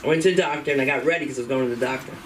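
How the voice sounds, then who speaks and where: A middle-aged woman hosting a live stand-up comedy open mic in a chatty, animated way, slipping into character voices. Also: rumbling low, rapid-fire. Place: comedy club stage. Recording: distant mic with noisy room.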